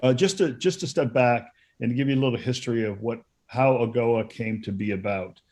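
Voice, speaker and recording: A man in his fifties, a guest policy consultant speaking on a webinar, measured and full of hesitant fillers. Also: medium pitch, a little mellow. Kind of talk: webinar talk.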